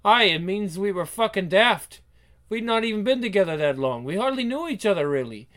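A man's voice: high voice, lively intonation, fairly quick, fairly bright tone, pitched above the performer's own voice. A man voicing a blunt, bitter young Scottish man with a Scottish accent who swears curtly. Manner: swearing, curt and scornful.

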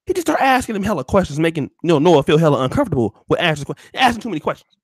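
A man telling a profane comedic story to his stream in animated, slangy talk. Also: on the high side, rapid-fire, breathy edge, no room sound, studio quality.

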